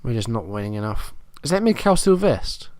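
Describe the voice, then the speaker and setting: A gaming commentator mutters play-by-play over his own football management game, getting more and more exasperated as his team struggles. He speaks briskly in a mid-range, darkish voice with big pitch swings, and there's no room sound.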